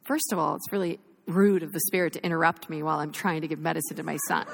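A woman in her thirties preaching an animated sermon in a chapel, telling a story with laughter. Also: low-pitched, fast talker, creaky, few pauses, slight background noise.

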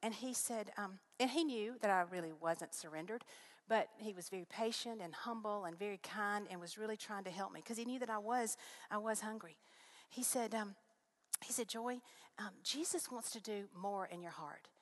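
A middle-aged woman speaking to a congregation, telling her faith story in an earnest, animated way, voice rising when excited. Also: mid-range voice, normal speed. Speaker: guest speaker. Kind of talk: testimony sermon.

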